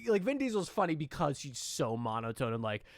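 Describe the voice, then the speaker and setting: A man hosting a casual film podcast, excitable and loose with swearing. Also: a little high, brisk, no echo. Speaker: podcast host.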